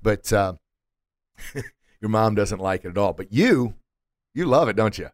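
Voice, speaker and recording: Middle-aged male podcast host, emphatic motivational delivery, low voice, dry close studio mic. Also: expressive, measured pace, dry recording. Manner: emphatic, preachy, repeats words for punch. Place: recording studio.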